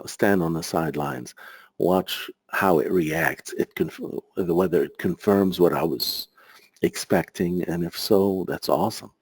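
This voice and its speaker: Male market analyst, deep and unhurried, rambling through live viewer questions. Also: darkish tone, slightly rough. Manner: rambling, searches for words, answers viewer questions. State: tired, out of breath.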